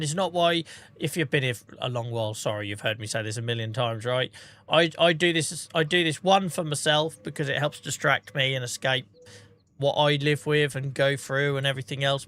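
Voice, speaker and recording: A man chatting on a live gameplay stream, excitable and grateful as he thanks his viewers. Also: a little high. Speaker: livestreamer. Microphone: streaming microphone.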